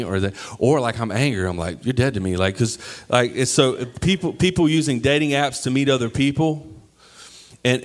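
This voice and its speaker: A man delivering a sermon in an easy, conversational way. He jokes with the congregation and slips into quick acted-out voices. His pitch sits in a middle range for a man. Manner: animated, acts out quoted voices, jokes with the congregation. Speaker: preacher.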